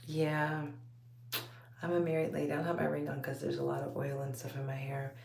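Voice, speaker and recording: A woman with a Texas accent rambles to her viewers in a low, gravelly voice, laughing often as she chats late at night. The room is echoey and a faint hum sits behind her. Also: monotone, brisk, darkish tone. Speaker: vlogger talking to viewers. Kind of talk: late-night casual chat while taking out braids. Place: home at night, under a bright light.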